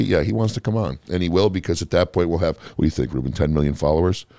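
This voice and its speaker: Male podcast host, low gravelly voice, lively profane storyteller. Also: very fast, few pauses, no room sound. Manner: animated storytelling, swears freely. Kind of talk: casual interview chat.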